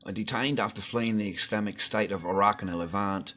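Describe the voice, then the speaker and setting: A man with a very deep voice reads a news article aloud in a plain, steady way. He keeps stopping to throw in crude, sweary, mocking remarks of his own as the host of his channel. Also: fairly quick, a little hiss or hum. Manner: swears often, mocking asides between read passages. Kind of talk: reading aloud with crude running commentary.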